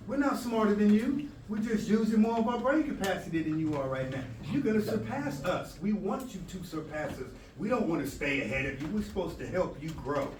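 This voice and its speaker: A man's voice: high-pitched, very animated, moderate pace, a little mellow. Emphatic male teacher in an echoey room. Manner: emphatic, plays out quoted exchanges, plays with rhymes. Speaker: language arts teacher. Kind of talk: motivational talk to students. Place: school presentation room. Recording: echoey room from far off, with noise.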